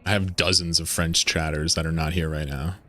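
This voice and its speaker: A man's voice: a bass voice, level tone, fairly quick, bright, forceful tone. A man live-streaming a game, chatting casually and joking with viewers, swearing now and then.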